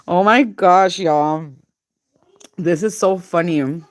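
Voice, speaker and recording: Slow-talking gushing Texan woman. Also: medium pitch, lively intonation. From Laredo, Texas. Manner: gushing, calls viewers girl and y'all. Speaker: livestreamer. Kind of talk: casual livestream chat.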